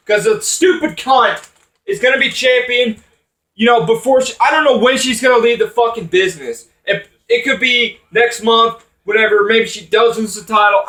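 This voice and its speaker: A man's voice: very high voice, a bit bright, roomy sound, far from the mic. Angry swearing man ranting off-mic. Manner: swearing, frustrated, rambling with restarts. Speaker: wrestling commentator vlogger. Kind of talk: angry profane rant.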